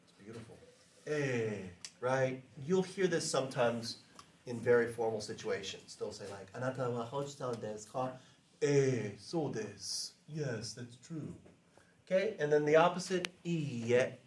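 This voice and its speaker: A man teaching a class in a relaxed, chatty way, saying phrases slowly for students to repeat. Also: mid-range voice, reverberant, a little hiss or hum. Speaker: language teacher.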